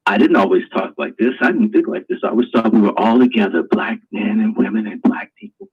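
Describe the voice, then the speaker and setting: A man's voice: fairly low pitch, fast, breathy edge, highs cut off. A man hosting a live online talk show, ranting in a crude, preachy way. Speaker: host.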